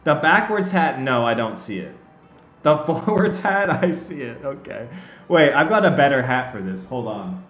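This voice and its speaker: A man's voice: medium pitch, big pitch swings, moderate pace, fairly bright tone. A man streaming a game, chatting casually with his viewers, laughing often and talking straight to them. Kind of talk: casual livestream chat and game commentary. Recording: echoey room with faint music.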